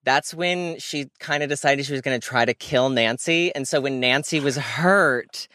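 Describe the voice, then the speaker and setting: Bright-voiced, witty young man. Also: medium pitch, dry recording, clean studio sound. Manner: self-deprecating, quick-witted. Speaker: guest. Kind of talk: casual comedic interview chat. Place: parked car.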